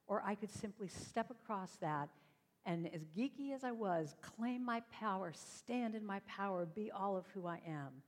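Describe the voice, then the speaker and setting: A woman's voice: mid-range voice, big-room sound. A woman giving an inspirational talk on stage, telling her stories animatedly and acting out the voices in them. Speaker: inspirational speaker. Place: stage before a live audience.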